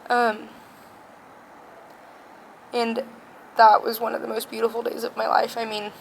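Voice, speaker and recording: A young woman telling a personal story alone, speaking softly and haltingly, tearful at times. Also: fairly high pitch, completely flat delivery, creaky, a little hiss or hum, poor audio. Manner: soft, halting, emotional. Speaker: vlogger. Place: alone in a quiet room.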